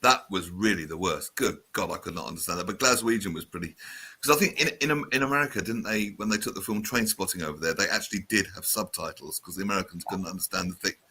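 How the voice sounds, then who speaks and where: A man in his fifties from the south of England hosting a radio show, chatting in an animated way and reading out listener messages. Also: low voice, fast, husky. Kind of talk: casual radio chat.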